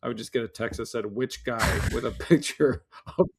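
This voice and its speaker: A man co-hosting a podcast, telling stories in an animated, easily amused casual chat. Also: mid-range voice, brisk, vocal fry, slightly rough. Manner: animated storyteller, laughs easily. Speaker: podcast co-host.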